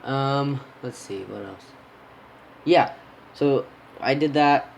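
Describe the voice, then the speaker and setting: A man's voice: medium pitch, slow pace, gravelly, a little hiss or hum, rough recording. A young man casually telling a rambling personal story on his podcast, yawning and smacking his lips. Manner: rambling, self-interrupting, yawning and lip-smacking. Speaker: podcast host.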